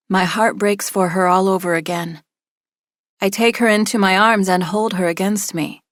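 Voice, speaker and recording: A woman's voice: mid-range voice, fairly even intonation, moderate pace, no room sound. A woman narrates a first-person thriller with tense, urgent storytelling. Her voice sits in a mid range, and the recording is dry and close, like a studio booth. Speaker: audiobook narrator.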